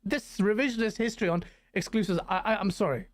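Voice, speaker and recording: A man hosting a podcast, talking in a quick, animated way and often breaking into laughter. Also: high voice. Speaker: podcast host. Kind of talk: casual podcast chat.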